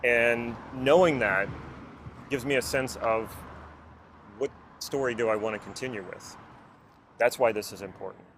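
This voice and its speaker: A man's voice: mid-range voice, measured pace, long pauses, a bit bright, a little hiss or hum. A man who works as a personal development coach talks to the camera in an earnest, reflective way and asks the viewer many questions.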